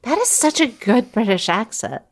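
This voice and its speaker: A woman's voice: a little high, huge pitch swings, moderate pace, creaky. A woman co-hosting a comedy morning radio show, answering in an earnest, defensive, matter-of-fact way. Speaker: morning radio co-host and news reader. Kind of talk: improvised comedy radio banter.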